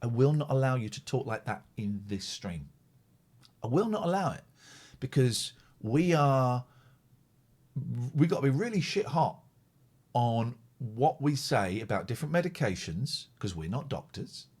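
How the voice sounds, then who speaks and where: Chatty man with a lively voice. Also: mid-range voice, a little slow, breathy edge. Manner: rambling, chatty, reads viewer comments aloud. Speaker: host of a live call-in stream. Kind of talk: casual live-stream chat.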